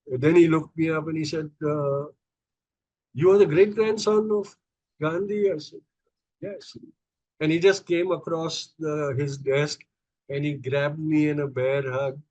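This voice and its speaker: A man's voice: on the high side, steady tone, unhurried, darkish tone, no room sound, poor audio. A middle-aged man, a podcast guest telling personal stories in a hesitant, conversational way full of fillers and restarts. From India. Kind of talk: conversational storytelling.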